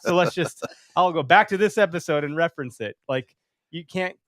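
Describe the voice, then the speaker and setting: A man in his thirties hosting a casual podcast chat, animated and profane, acting out other people's voices as he talks. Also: a little high, normal speed, a crowd in the background. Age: 30s. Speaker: podcast host.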